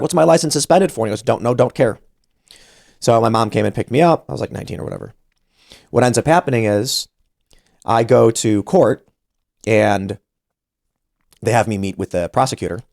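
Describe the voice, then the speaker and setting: A man's voice: lowish voice, gravelly, a little mellow, no room sound, clean studio sound. A man in his thirties hosting a podcast, telling a story casually and animatedly, acting out the voices he quotes. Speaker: podcast host.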